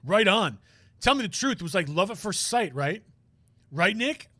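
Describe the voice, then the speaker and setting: A man doing a show-off goofy young guy, raised pitch, loud and slangy, lively swings, visual novel read-aloud. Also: moderate pace, dry recording, exaggerated voice. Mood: cocky.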